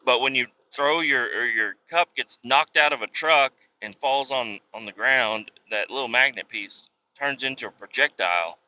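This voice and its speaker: A man's voice: medium pitch, normal speed, hardly any pauses, sharp tone. A man in his thirties hosting a podcast, telling rambling, profane stories in casual talk and acting out what others said. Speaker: podcast host. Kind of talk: casual storytelling monologue. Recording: dull lo-fi sound.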